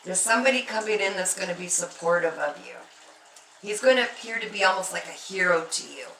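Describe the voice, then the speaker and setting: A woman's voice: fairly low pitch, a little fast, creaky, bright, forceful tone, distant mic. A woman giving a spiritual tarot reading, speaking emphatically and reassuringly straight to the listener. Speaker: tarot card reader. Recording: echoey room, off-mic, faint noise.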